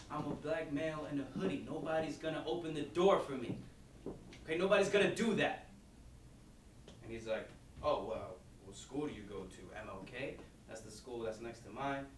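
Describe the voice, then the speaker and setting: A young man playing a calm, level-headed Black teen boy in a staged reading monologue, telling his story in a measured, dry way. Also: medium pitch, a little hiss or hum, close to an everyday voice. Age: young adult. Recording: echoey stage filmed from far off.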